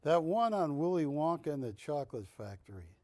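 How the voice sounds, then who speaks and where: A man hosting a live shopping channel, pitching art with jokey, teasing sales patter from a television studio. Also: big pitch swings, a little fast, a little mellow, dry recording.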